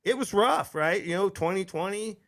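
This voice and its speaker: A middle-aged man hosts a live internet show in a loose, rambling way, restarting sentences and tagging lines with "right?". His voice sits a little high for a man and comes through a desk mic. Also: expressive, normal speed, a bit bright. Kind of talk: casual live-stream chat. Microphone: desk microphone.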